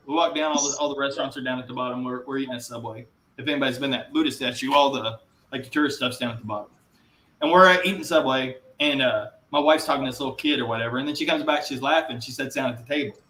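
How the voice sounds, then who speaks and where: A man's voice: mid-range voice, fast talker, a bit bright, a little hiss or hum. A man talking as a podcast guest, telling blunt, rambling anecdotes in casual chat. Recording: roomy echo.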